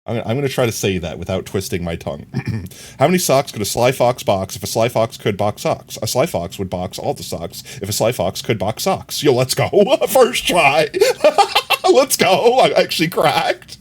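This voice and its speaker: Young man, game streamer, casual rambling chat, laughs often, very animated pitch, mid voice. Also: slightly rough. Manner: rambling, self-correcting, quick to laugh. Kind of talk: casual live-stream chat while gaming.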